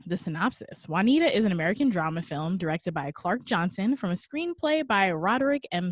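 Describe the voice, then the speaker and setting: A woman's voice: fairly low pitch, no echo, studio quality. Candid woman co-host reviewing a film. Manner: candid, joking, reads notes aloud. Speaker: podcast co-host. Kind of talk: casual podcast chat and film review.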